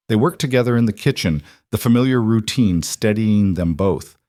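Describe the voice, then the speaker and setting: A man narrating a scripted western story in a calm, measured way. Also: lowish voice, no echo, studio quality.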